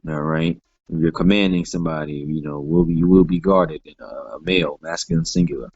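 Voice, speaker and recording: Deep-voiced guy slowly teaching a grammar class, patient, keeps saying all right, kinda dull dry recording. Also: gravelly, darkish tone, dry recording. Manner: patient, explains step by step, many "all right" fillers. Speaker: Hebrew teacher.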